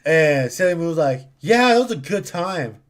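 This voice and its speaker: A young man co-hosting a casual chat, telling a story in an animated, profane way with loud laughs. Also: on the high side, moderate pace. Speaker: podcast co-host.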